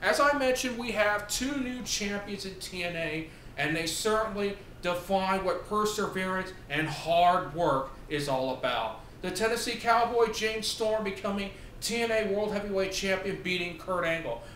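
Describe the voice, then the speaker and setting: A man hosting his own wrestling recap show, talking in an excitable, sarcastic way and acting out the wrestlers' lines. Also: high-pitched, normal speed, hardly any pauses. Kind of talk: animated solo recap and opinion. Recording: echoey room with faint noise.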